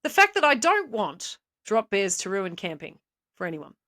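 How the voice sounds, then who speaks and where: A woman's voice: medium pitch, sing-song, moderate pace, fairly bright tone, no echo, clean studio sound. Playful Australian woman telling a story. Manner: playful mock-serious delivery with laughs. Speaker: podcast co-host. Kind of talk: comedic storytelling on a podcast.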